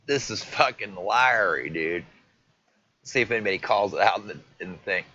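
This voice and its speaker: A man's voice: fairly low pitch, animated, normal speed, sharp tone. A man livestreaming, animatedly reacting to and retelling video clips, swearing casually. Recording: dull lo-fi stream audio with faint noise.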